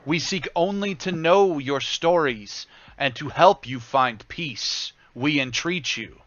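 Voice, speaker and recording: A grave, ritual-minded woman mystic , voiced by a man, intones each phrase slowly. The tone is bright, the sound is dry, and it comes through a dull, lo-fi mic. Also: on the high side, smooth, no room sound. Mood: solemn. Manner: slow, measured, ceremonial. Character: solemn woman mystic leading a seance.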